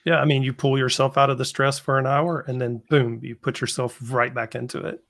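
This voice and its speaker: A man's voice: medium pitch, flat delivery, a little fast, fairly bright tone. Man hosting a podcast interview. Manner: reflective, sums up the guest's points. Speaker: podcast host. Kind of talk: interview conversation.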